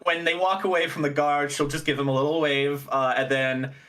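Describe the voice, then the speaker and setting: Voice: medium pitch, little pitch movement, a little fast, fairly bright tone, recorded from a distance, faint music behind. A tabletop player describing their character's actions, laughing often and with a scattered delivery. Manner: giggly, scattered.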